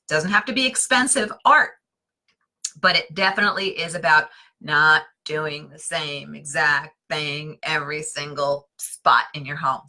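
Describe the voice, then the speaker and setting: A woman's voice: on the low side, pushed and bright. A woman hosting a live stream on interior design, teaching in a chatty, self-deprecating way with lots of fillers and asides.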